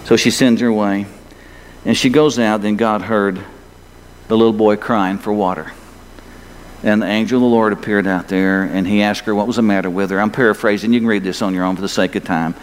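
A man's voice: on the low side, steady tone, brisk, slight background noise. A male pastor preaching a sermon, emphatic and full of rhetorical questions for the congregation. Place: church sanctuary. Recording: long hall reverb.

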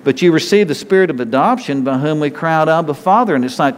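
A man preaching a sermon in a slightly higher voice than most men. His speech is conversational and personal, and he often slips into quoted prayers and self-talk. A long reverb from the church hall trails after his words. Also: brisk, hardly any pauses. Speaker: pastor.

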